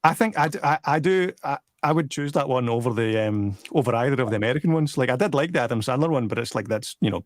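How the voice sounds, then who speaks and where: A man talks quickly in a loose, rambling way, often restarting his sentences. He is chatting on a video call, and the sound is dry and close. His voice sits at a middle pitch. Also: animated, no room sound. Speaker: host. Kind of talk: casual group chat on a video call.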